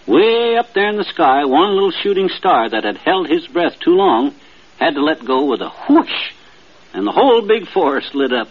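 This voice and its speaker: Brief: homespun yarn-spinner, husky and sing-song, dull old broadcast sound. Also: male voice, on the high side, moderate pace, heavily acted. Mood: folksy. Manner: folksy, drawling, lively storyteller. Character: folksy middle-aged man spinning a bedtime tale. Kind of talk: storytelling in a radio comedy. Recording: dull 1950s radio transcription.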